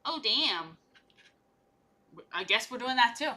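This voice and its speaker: Painting miniatures live, a young woman talks slowly but very animatedly in a fairly high, bright and forceful voice. Her chat is playful and relaxed, hopping from joke to joke.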